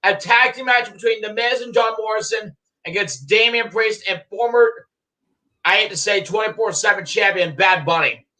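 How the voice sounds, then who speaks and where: A young man co-hosting a casual chat, excitable and quick to shout and swear. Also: high-pitched, rough recording. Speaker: co-host.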